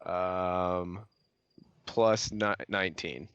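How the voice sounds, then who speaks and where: A man playing a tabletop game, thinking aloud deliberately. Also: low voice, steady tone, a bit bright, smooth, no room sound. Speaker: player. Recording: dull, dry lo-fi recording.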